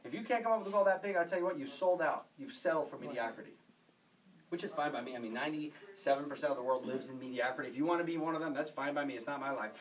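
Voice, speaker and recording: Fast-talking preachy motivational speaker man. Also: fairly high pitch. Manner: energetic, preachy and emphatic with repeated phrases. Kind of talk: motivational talk to an audience. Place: office meeting room. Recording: distant mic in a room.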